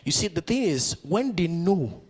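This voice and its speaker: A Nigerian conference speaker with a slightly high, sing-song, a little mellow and husky voice talks a little slowly. His motivational speech is rousing and packed with rhetorical questions for the audience.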